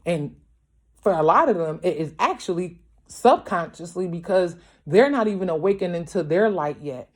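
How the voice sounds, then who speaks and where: Late at night at home, a mother doing tarot readings talks to her viewers bluntly, with plenty of profanity and constant check-ins like "you feel me." She sounds young adult to middle-aged, with a fairly low voice, lively intonation, and normal speed, and she grows louder and more emphatic as she gets worked up.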